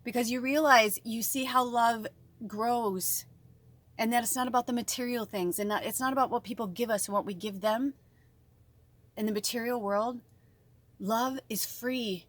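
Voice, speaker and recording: A woman giving an emotional spiritual card reading, speaking straight to her viewers with a gushing manner. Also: a little high. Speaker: tarot reader.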